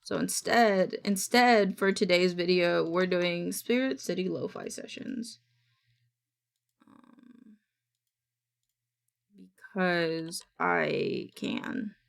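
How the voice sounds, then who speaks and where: A woman's voice: on the low side, lively intonation, extremely slow, creaky, long pauses, clear, resonant tone. A woman streaming live, chatting casually and rambling while reading on-screen text aloud. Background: music playing.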